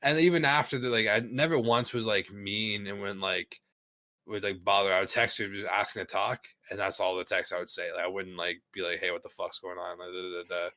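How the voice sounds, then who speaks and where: A man's voice: fairly low pitch, steady tone, a little fast, sharp tone, no echo. A young man telling a story in casual podcast chat, rambling, laughing often and swearing a lot. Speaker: podcast guest.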